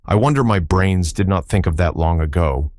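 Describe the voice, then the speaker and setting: Brief: a gentle, self-satisfied scarecrow, musing and mild, read by a man. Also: low voice, animated, normal speed, dry recording, clean studio sound. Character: gentle male straw scarecrow, proud of his brains.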